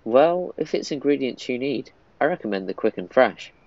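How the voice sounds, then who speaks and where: A clever young girl from a mobile game, with a man reading her lines aloud. The delivery is plain read-aloud at a middle pitch. The recording sounds a bit dull, with a light hiss. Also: lively intonation, normal speed, darkish tone, natural voice.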